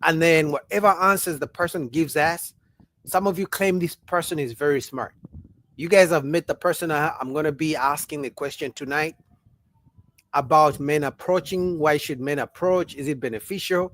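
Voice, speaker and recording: A man's voice: fairly high pitch, normal speed. A man hosting a casual livestream talk, arguing with rhetorical questions and reading out viewer comments. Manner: animated, argumentative, rhetorical questions; reads out viewer chat comments. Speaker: livestream host.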